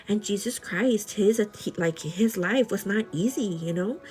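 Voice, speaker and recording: A woman's voice: medium pitch, unhurried, few pauses, darkish tone, faint music behind. A woman vlogger chatting casually to her viewers during a live get-ready show. She laughs often, leans on "like", and calls the viewer "girl". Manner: laughs often while talking; speaks earnestly about faith and gratitude. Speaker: beauty and lifestyle vlogger.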